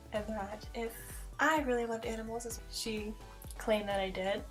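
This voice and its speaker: A young woman vlogger chats through a casual Q&A at a medium pitch, with lots of "like" in her talk. She retells events in an animated way, and faint music plays quietly behind her. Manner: chatty, fillers of "like", animated retelling. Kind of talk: casual Q&A storytelling.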